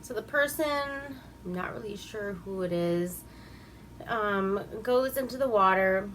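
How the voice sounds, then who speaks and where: A woman's voice: medium pitch, a little slow, fairly bright tone, a little hiss or hum. A woman giving a rambling, profane, casual recap of an old movie and laughing at herself. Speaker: movie reviewer.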